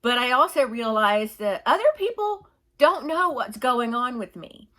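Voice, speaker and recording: Rambling, exasperated woman with a high voice. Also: sing-song, measured pace, a bit bright. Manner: rambling, exasperated, laughs while telling stories; mocks others in put-on whiny voices. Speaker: vlogger. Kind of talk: casual opinion monologue.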